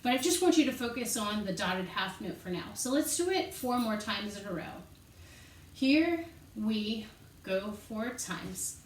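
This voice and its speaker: A woman with a medium-pitched, very animated voice talks fairly quickly with few pauses while teaching elementary music. Out of breath, she moves around counting rhythm syllables aloud and explaining with patient encouragement, heard from afar in an echoey space.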